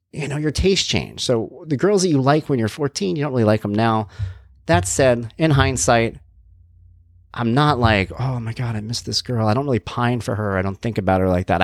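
A man's voice: mid-range voice, no room sound. A man in his thirties hosting a podcast, telling a casual, self-mocking story and acting out the voices he quotes. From Long Island, New York. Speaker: podcast host.

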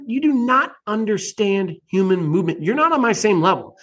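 A man's voice: high-pitched, sing-song, quick pace, few pauses, fairly bright tone. A male podcast host talking casually, blunt and profane, jumping into mock quotes as he argues a point. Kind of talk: casual interview chat.

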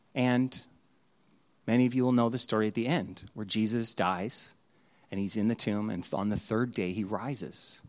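A middle-aged male pastor preaching a sermon, telling stories animatedly and acting out the voices, dropping from loud to hushed. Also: on the high side.

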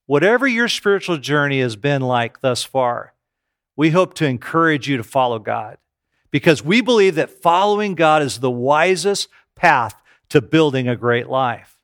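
A man's voice: fairly high pitch, expressive, normal speed, a bit bright. A middle-aged man preaching a sermon, telling self-deprecating stories to his congregation. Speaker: pastor.

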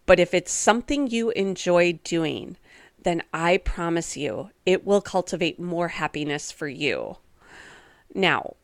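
A woman's voice: on the low side, clear, resonant tone, no echo, clean studio sound. A woman hosting a solo wellness podcast, talking in an upbeat, encouraging, chatty way with casual fillers. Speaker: podcast host and wellness coach.

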